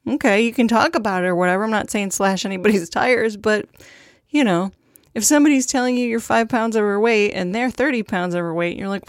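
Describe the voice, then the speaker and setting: A woman with a middle-pitched voice talks in a candid, profane monologue, blunt and sarcastic, with bursts of laughter. She mimics other people's phrases mockingly. The sound is dry and close, with no room echo. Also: expressive, normal speed. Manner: frequent laughter and fillers.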